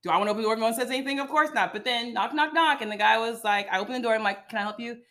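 Bright exasperated woman telling a story. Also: on the high side. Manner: exasperated, fast, comic storyteller. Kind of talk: casual storytelling.

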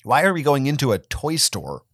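Man doing a sarcastic teen boy, teasing, lively bouncing voice, higher pitch, dry close sound. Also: moderate pace, dry recording. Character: wisecracking teenage boy, sardonic joker. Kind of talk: dramatic fan-fiction reading.

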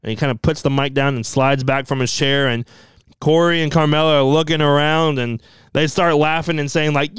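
A man casually recounting an imagined wrestling show in an excitable storytelling manner. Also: on the high side, clear, resonant tone, no echo. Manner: excitable, quick, laughs as he tells it. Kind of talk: casual fantasy wrestling recap.

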